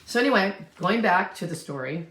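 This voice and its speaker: A woman's voice: fairly low pitch, animated, fairly quick, fairly bright tone, reverberant. A woman in her fifties, a real estate agent, chatting casually on a livestream, rambling and answering viewer questions.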